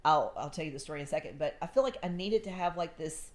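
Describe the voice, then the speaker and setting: Middle-aged woman, low voice, chatty and animated podcast host. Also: quick pace. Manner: chatty storyteller, animated, says y'all. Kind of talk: casual chat.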